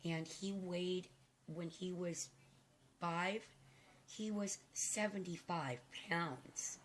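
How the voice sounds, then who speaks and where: An older woman with a low, hoarse voice that has almost given out, rasping through a slow, meandering vlog at home. She talks to camera casually and from the heart, with hesitant ums as she goes, and a faint hiss sits under her. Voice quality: raspy. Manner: rambling and heartfelt, with hesitant fillers. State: hoarse, nearly lost voice. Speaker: vlogger.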